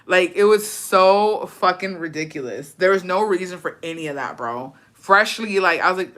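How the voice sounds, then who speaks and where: A young woman on a livestream telling a story in a blunt, profane, animated way, slipping Spanish phrases into her English. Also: on the low side, moderate pace, hardly any pauses. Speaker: livestream host. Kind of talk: casual storytime rant.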